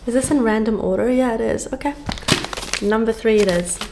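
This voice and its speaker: A woman's voice: a little high, a little fast, background noise. A woman book vlogger chatting casually to camera, gushing and full of fillers, filmed at home on a camera on a stand.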